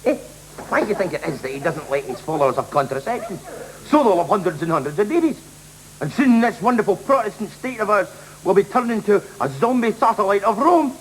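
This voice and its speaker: A man's voice: sits high, animated, brisk. An actor playing an indignant, bigoted middle-aged husband who rants at his wife in a TV sketch. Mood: ranting. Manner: indignant ranting. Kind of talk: 1980s TV sketch comedy. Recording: noisy old TV broadcast.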